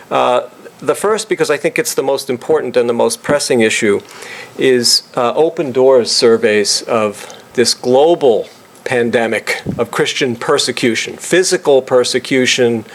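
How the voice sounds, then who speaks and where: A middle-aged man with a New York accent giving a halting introductory speech to an audience, full of fillers and restarts. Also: medium pitch, gravelly. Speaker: introductory speaker.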